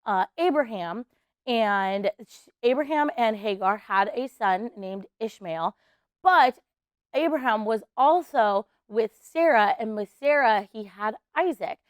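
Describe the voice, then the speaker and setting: A woman teaching preschoolers at church, telling a Bible story in an animated way and getting the kids to act along. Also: on the high side, clean tone, no echo, clean studio sound. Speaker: children's ministry teacher.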